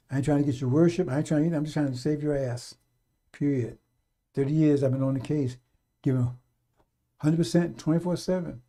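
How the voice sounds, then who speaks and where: A man preaching on a live radio stream, urgent and repetitive, blunt and profane, calling out to brothers and sisters and swinging from loud exhortation to low muttering.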